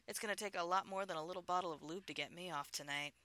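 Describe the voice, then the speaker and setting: A woman reading the lines of a playful adult husband teasing his wife over the phone, in a low murmur. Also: fast, sharp tone.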